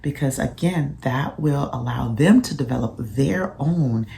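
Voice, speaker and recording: A woman with a very low voice and a gravelly edge shares a casual vlog reflection. She is soft-spoken and thoughtful, with frequent pauses. Her tone is mellow and dark. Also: animated. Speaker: physician and mother sharing parenting reflections.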